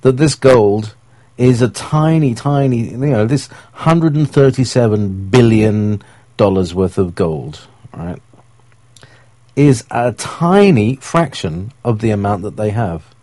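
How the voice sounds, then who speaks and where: Low-voiced rambling male host. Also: animated, slow, dark tone, no room sound. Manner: rambling, hesitant, full of fillers and laughs. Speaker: show host. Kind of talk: casual live-stream talk.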